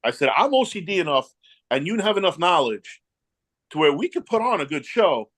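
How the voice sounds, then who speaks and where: A man's voice: on the high side, normal speed, no room sound. A man from the New York area, an event promoter, telling a story and acting out each person's lines. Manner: animated, acts out dialogue in anecdotes. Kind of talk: casual storytelling.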